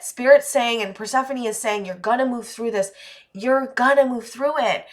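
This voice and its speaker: Emotional woman giving a tarot reading. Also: a little high. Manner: heated and emotional, swearing casually, softening to near-tearful quiet. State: emotional, voice dropping low. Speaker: tarot reader. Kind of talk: pick-a-card tarot reading to camera.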